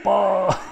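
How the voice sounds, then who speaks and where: A man giving casual, excitable commentary while playing a retro game, laughing often and talking to himself. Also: high-pitched, creaky, background noise. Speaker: retro gaming vlogger.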